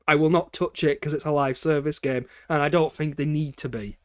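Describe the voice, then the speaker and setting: Man, game streamer, casual rant, lots of swearing, slightly high voice, dry sound. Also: fairly even intonation, fairly quick, dry recording. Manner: ranting, swears often, laughs between points. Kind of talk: casual livestream chat.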